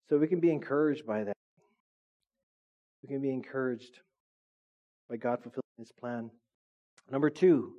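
A man preaching a sermon as a pastor, lively and joking, acting out voices from his stories. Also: medium pitch. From California. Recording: dull lo-fi sound.

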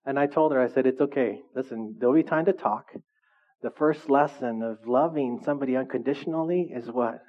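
A man preaching to his congregation in a casual, animated way, often asking the room questions. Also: medium pitch, a little fast, muffled recording. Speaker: pastor. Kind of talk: sermon.

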